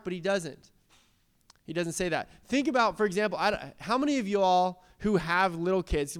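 A man's voice: sits high, clean tone. A young man preaching a casual, conversational sermon and asking the congregation questions. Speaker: pastor.

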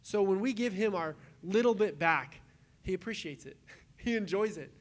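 High-voiced man preaching a casual sermon. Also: moderate pace. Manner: animated, acts out quoted voices, chatty asides. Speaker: pastor.

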